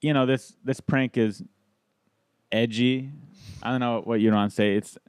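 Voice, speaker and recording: A man's voice: medium pitch, steady tone, moderate pace, darkish tone, clean tone, dry recording, clean studio sound. A man, a comedian, telling stories in a casual podcast chat, rambling with restarts and laughs. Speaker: guest comedian.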